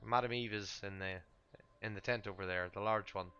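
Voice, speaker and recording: A man's voice: lowish voice, fairly even intonation, brisk, sharp tone, clear, resonant tone, highs cut off. A man voicing a friendly male Vistani traveller with a folksy, deferential way of talking. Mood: welcoming.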